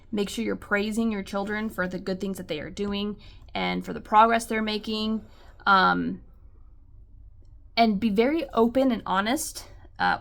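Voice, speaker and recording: Woman, homeschool mom, gravelly voice, earnest encouragement, casual with ums. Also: mid-range voice, fairly bright tone. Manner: earnest, reassuring, many likes and ums. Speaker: homeschool mom and channel host. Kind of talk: encouraging talk to camera.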